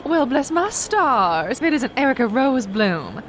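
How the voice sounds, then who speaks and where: An actress with a Southern accent playing a gossipy mother with drawn-out, sugary fake sympathy. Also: high voice, very animated, soft background music. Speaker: neighbor mother.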